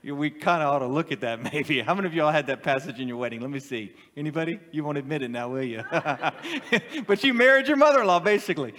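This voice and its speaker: A middle-aged male pastor with a high voice delivers a lively, joking sermon. He talks to his congregation and teases them. His words ring out with a long hall reverb. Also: fast, slight background noise. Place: church sanctuary with a congregation.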